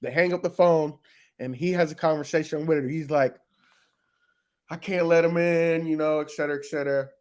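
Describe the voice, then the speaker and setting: A man talks through a TV episode in a loose, unscripted recap. His voice sits a little higher than most men's, and he is casual and profane, with plenty of fillers. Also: steady tone, fast talker. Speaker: reaction video host.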